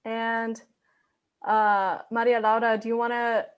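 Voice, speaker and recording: A woman's voice: a little high, little pitch movement, takes it slowly, smooth, lo-fi sound. A young woman co-teaching a casual online Spanish lesson over a video call, explaining carefully and checking in with "right?". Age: young adult. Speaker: student Spanish tutor.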